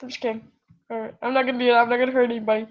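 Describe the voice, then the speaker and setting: This woman's voice sits on the high side, and she reads flatly and very fast, with the highs cut off. She is rambling through fan fiction late at night at home, breaking off often to say sorry, captured only by a built-in device mic.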